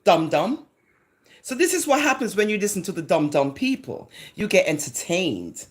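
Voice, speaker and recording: A woman's voice: mid-range voice, very animated, a little fast. A woman with a Jamaican accent giving a sarcastic, mocking commentary rant on her vlog. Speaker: social media commentator.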